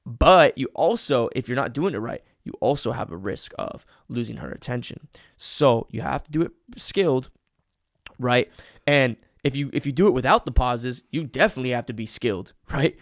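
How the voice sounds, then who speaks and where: A male podcast host talks through his advice in an energetic, emphatic way. His voice has a gravelly rasp, and he leans on fillers and restarts. The sound is dry and close. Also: medium pitch, no echo. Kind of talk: casual advice talk.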